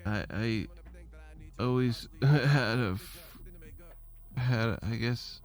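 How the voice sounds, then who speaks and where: A man's voice: medium pitch, extremely slow. A man hosting a solo podcast, rambling loosely with restarts, fillers and casual profanity. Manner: meandering, trailing off, frequent restarts and fillers; loose, profane and self-deprecating. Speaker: podcast host.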